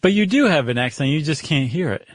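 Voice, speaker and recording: A man with a General American accent co-hosting a podcast in casual chat, playful and quick to laugh. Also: on the high side, animated, no room sound. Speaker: podcast co-host.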